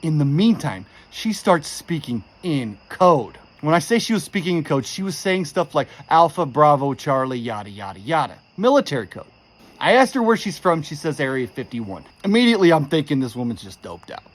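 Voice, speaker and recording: A man telling a creepy true story in a casual, animated way, quoting the people in it with exasperation. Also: on the high side, normal speed. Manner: animated, exasperated retelling with quoted dialogue.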